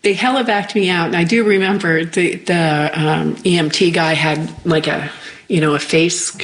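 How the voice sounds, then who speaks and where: A middle-aged woman with a somewhat low voice tells a personal story in an interview. She speaks in a halting, reflective way and often trails off before she finishes a thought. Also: fairly even intonation, low-quality recording. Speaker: interview guest.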